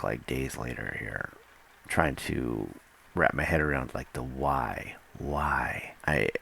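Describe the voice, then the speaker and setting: A man's voice: extremely low pitch, gravelly, fairly bright tone, slightly rough. A man vlogging off the cuff, rambling and hesitant as his thoughts come to him. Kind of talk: unscripted casual vlog.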